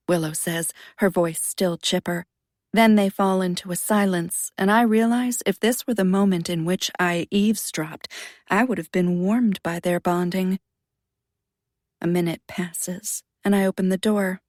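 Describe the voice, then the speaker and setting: A woman narrating a first-person thriller audiobook in a low, hushed, measured way. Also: steady tone, no echo, studio quality.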